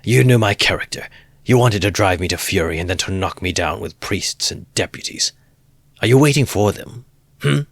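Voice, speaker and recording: A man voicing a feverish, defiant young male student who shouts accusations. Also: low voice, lively intonation, normal speed, creaky, no room sound, heavily acted. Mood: furious.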